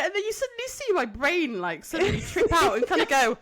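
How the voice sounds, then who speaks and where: A young woman co-hosting a casual podcast chat, telling lively stories and breaking into loud laughter. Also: very high-pitched, fairly quick, background noise. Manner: animated storytelling, bursts into loud laughter. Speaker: podcast co-host.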